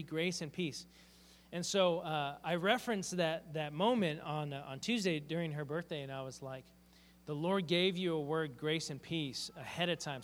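A man's voice: fairly high pitch, fairly bright tone. Earnest man preaching in a reverberant hall. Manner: earnest, heartfelt storytelling. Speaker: pastor. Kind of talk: sermon with personal story.

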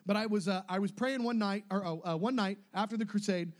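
A man with a high-pitched voice tells a story from the pulpit in an animated way. He laughs easily and acts out the people he quotes. He sounds middle-aged. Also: a little fast. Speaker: preacher. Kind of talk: sermon storytelling.

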